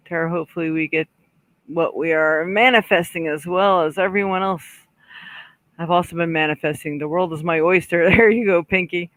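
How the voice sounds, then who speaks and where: A woman's voice: fairly low pitch, a bit bright, dry recording, rough recording. Chatty woman psychic on a dry mic. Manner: chatty, reads out viewer comments, relays spirit messages; frequent throat clearing and small laughs. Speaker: psychic reader hosting a live stream. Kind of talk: casual live-stream chat and card reading.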